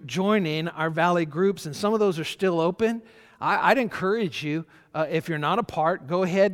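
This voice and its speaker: High-voiced pastor in a reverberant church. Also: male voice. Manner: conversational, frequent restarts and repeated words. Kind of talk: sermon. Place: church sanctuary. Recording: long reverb in a large church hall.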